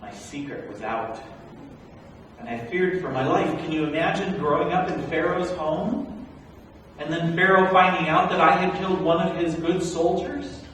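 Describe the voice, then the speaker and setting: A male pastor preaching a sermon as a first-person Bible story, animated and swinging from hushed to loud. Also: fairly high pitch, moderate pace, a little hiss or hum. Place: large church sanctuary. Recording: echoey hall, recorded from far off.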